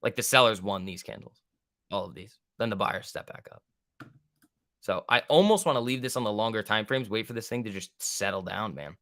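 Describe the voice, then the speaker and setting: A man's voice: lowish voice, expressive, brisk, fairly bright tone. A young man hosting a live stock trading stream, talking loosely and profanely, joking with chat while he reads the charts. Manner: loose, profane, bro-talk banter with chat, chuckling. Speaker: stock trading livestream host. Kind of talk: casual live market commentary.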